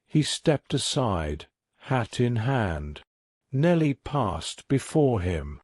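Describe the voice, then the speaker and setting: A man narrating a classic mystery story as a calm, even bedtime reading. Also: mid-range voice, drawn-out words, dry recording, studio quality.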